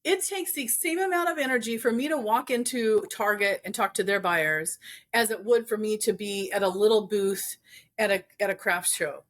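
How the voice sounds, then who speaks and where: A woman in her forties talks through a story in an easy interview chat. She is earnest and full of faith, with many fillers along the way. Her voice sits at a middle pitch for a woman. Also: normal speed. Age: 40s. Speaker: entrepreneur guest.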